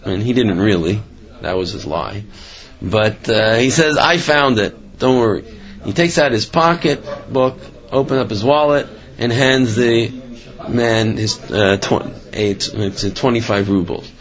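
A man telling stories in a Torah lecture, in a conversational, halting way with many fillers, in a slightly muffled recording. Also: lowish voice. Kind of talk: storytelling lecture.

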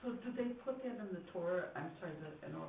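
A man's voice: high-pitched, animated, quick pace, creaky, roomy sound. A man listening in and cutting in with short questions. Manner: brief interjecting questions. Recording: distant tinny phone line with hiss.

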